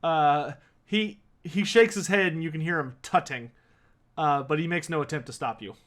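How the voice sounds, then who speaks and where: A man running a tabletop game as game master, narrating in a relaxed way full of ums and uhs. His voice is bright and forceful, sitting a bit high for a man. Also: normal speed. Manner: relaxed, filler-laden narration.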